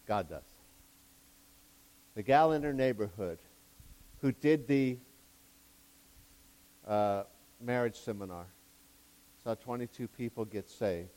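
Excitable male preacher. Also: medium pitch, slow pace, long pauses. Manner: excitable, swings from loud bursts to quiet asides; laughs at his own jokes, backpedals on his phrasing. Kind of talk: sermon.

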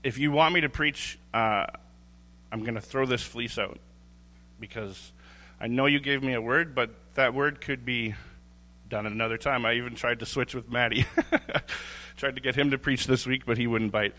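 A man's voice: medium pitch, fairly even intonation, moderate pace, pushed and bright. A man giving an informal, candid church sermon, chuckling and restarting his phrases as he talks. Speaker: lay preacher. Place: church sanctuary. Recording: long hall reverb.

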